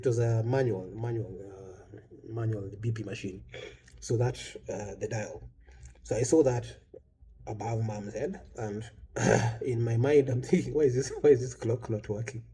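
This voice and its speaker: A man speaking as host, telling a personal story in a halting, reflective way, with restarts and small laughs. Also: fairly low pitch, fairly even intonation, dark tone. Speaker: vlog host.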